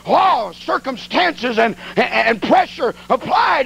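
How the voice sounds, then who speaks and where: Excitable folksy preacher, high-pitched and gravelly. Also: male voice, moderate pace, highs cut off. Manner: folksy, animated storyteller with sound effects. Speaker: evangelist preacher. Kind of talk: storytelling sermon.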